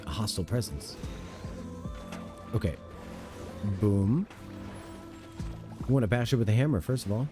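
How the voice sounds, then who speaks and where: A man's voice: on the low side, lively intonation, a little slow, pauses often, music in the background. A man from Europe giving playful, chatty commentary as he streams a game, laughing at his own jokes. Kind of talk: casual gameplay commentary.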